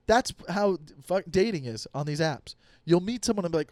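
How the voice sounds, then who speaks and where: Swearing, animated young male comedian. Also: sits high, fairly quick, no echo, studio quality. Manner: profane, animated, acts out quoted voices. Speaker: podcast host and comedian. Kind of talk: solo comedic podcast rant.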